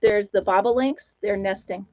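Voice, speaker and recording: A woman's voice: mid-range voice, moderate pace, darkish tone, no room sound. Brief: older woman hosting a home live stream, rambling friendly chatter, dry close recording, muffled lo-fi audio. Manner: rambling, chatty, laughs often. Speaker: host of a live knitting chat stream. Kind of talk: casual live-stream chat. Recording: dull, lo-fi, dry sound.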